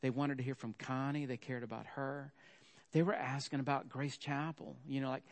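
A man's voice: mid-range voice, steady tone, normal speed, in a large hall. A middle-aged man preaching a sermon, chatty and storytelling, with frequent "okay?" asides.

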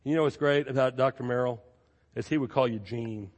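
A man preaching a sermon as pastor, telling stories in a lively way and repeating phrases for emphasis. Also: mid-range voice, a little fast. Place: church sanctuary. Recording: long reverb of a large church.

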